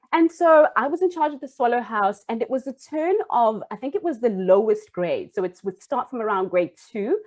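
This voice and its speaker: A woman's voice: medium pitch, darkish tone. Earnest woman telling a heartfelt story. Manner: earnest, heartfelt, with small restarts. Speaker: former primary school teacher, speaker. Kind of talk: personal storytelling talk.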